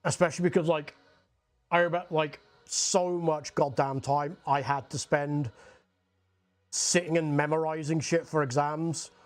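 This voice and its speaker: A young Scottish man with a fairly high, steady voice speaks a little slowly as he paints on a livestream. He chats casually and rambles, swearing freely and saying "like" a lot.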